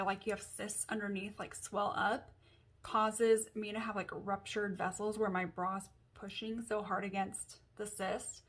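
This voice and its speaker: A young woman chatting through a makeup tutorial at a middle pitch. She rambles freely and fills her sentences with "like" and "um". She sounds casual and personal, as if talking straight to her viewers. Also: pushed and bright. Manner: chatty, many fillers like "like" and "um". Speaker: beauty vlogger.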